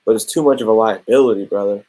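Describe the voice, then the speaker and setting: A man casually reviewing comics, telling the story in animated slang with quick asides. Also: on the low side, poor audio.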